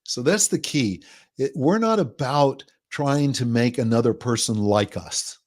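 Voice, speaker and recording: A man of ordinary pitch speaking as a guest on a talk show. He explains his ideas at length and livens up his voice to act out what other people say. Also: a little slow. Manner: explains at length, acts out quoted people in a livelier voice. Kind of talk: conversational podcast interview.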